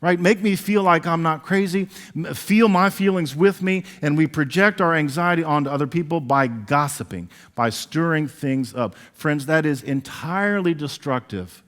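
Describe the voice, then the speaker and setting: A man preaching a sermon as pastor, animated and acting out the voices he quotes. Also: a little high, moderate pace, few pauses. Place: church sanctuary. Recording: long reverb of a large church hall.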